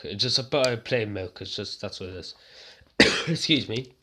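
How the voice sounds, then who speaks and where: Irish male vlogger, gravelly voice, rambling casual monologue with restarts. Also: lowish voice, moderate pace, a bit bright. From Ireland.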